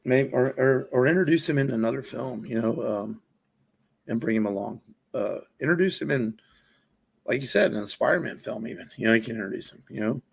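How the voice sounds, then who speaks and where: A podcast co-host rambles casually about films, full of fillers and restarts. His mid-range voice is gravelly with a breathy edge, and he talks a little fast.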